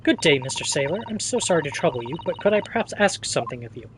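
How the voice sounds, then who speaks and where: A man's voice: fairly high pitch, sing-song, quick pace. A man voicing a polite, hesitant young male student in a game, over a noisy background.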